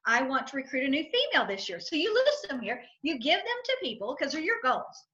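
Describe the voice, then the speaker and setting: A middle-aged woman speaks as an interview guest, with a high, forceful, bright voice. She drives each point home by repeating it and acting out quotes. The sound is muffled and lo-fi. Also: huge pitch swings, fairly quick. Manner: emphatic, repetitive, storytelling with acted quotes. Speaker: guest, financial advisor and entrepreneur. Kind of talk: enthusiastic interview talk.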